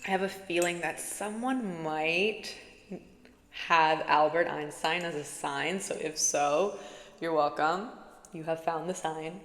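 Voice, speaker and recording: Laid-back woman vlogger, lowish voice, rambling casual chat, recorded in a reverberant room. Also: slow pace. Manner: chatty, giggly, says "like" a lot. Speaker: spiritual vlogger. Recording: echoey room with long reverb.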